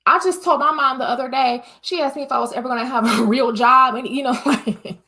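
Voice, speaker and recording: A woman's voice: high voice, fairly quick, pushed and bright. A woman from the United States hosting a vlog, giving a casual opinion monologue straight to her viewers in an emphatic, preachy way. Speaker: vlog host.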